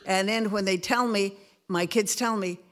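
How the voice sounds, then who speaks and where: A woman's voice: medium pitch, steady tone, normal speed, fairly bright tone. A woman of ninety, nervous about speaking in front of people, talking about her faith with a laugh and reciting a prayer. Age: 90s. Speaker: grandmother interviewed in church. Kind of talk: faith testimony interview.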